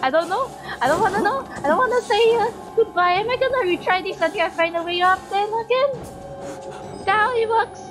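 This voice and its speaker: A woman's voice: extremely high pitch, expressive, brisk. A woman commenting on a horror game as she plays, panicky and swearing, shrieking and laughing nervously. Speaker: gamer. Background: game music.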